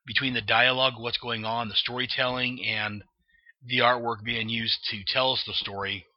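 A man's voice: mid-range voice, flat delivery, normal speed, dry recording. A man casually narrating and describing a comic book, rambling with many fillers and restarts, on a dull lo-fi recording. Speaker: comic book reader and reviewer.

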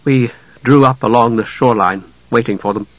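A man reading an audiobook, voicing a grieving, defensive young male knight who speaks softly and with a tremble. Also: mid-range voice, brisk, no echo, muffled recording, lightly acted. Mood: subdued.

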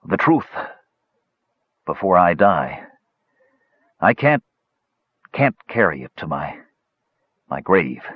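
A man voicing a dying, proud old male dwarf who rasps and wheezes breathlessly, as in an audiobook. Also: deep voice, sing-song, slow, pauses often, no room sound, narrow, tinny audio, exaggerated voice. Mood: pained. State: dying, hoarse. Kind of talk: audiobook narration.

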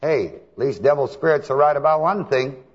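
A man preaching a sermon, asking his listeners to fill in words and swinging between soft talk and shouts. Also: mid-range voice, lively intonation, moderate pace, slight background noise. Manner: asks the congregation to fill in words. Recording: long hall reverb, dull lo-fi sound.

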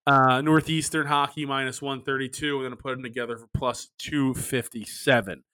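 A man's voice: medium pitch, clean tone. A man hosting a casual sports betting podcast, running through picks and reading off odds. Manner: runs the picks, quick laughs, reads odds in a flat list. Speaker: podcast host.

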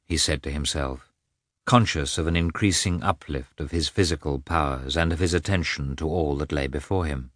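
Deep guy reading a classic novel, really low and expressive, dry sound. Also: moderate pace, dry recording. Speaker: audiobook narrator. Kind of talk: scripted literary narration.

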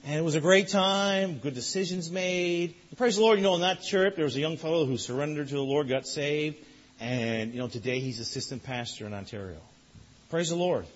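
A man preaching a sermon as a pastor, telling a lively story that builds in excitement. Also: a little high, brisk, lo-fi sound. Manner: animated storytelling, rising loud in excitement.

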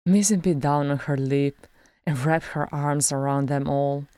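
A woman reading a fan fiction chapter aloud as an audiobook, slow and even. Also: low-pitched, clean tone, no room sound, studio quality. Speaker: audiobook reader.

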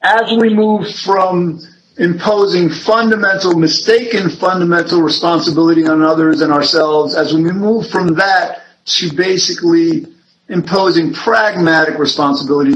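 Male host, explains with lots of "like", slightly high voice, dull lo-fi recording. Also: a bit bright. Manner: explains with many fillers, hesitant restarts. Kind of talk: casual explanatory discussion. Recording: dull lo-fi with faint noise.

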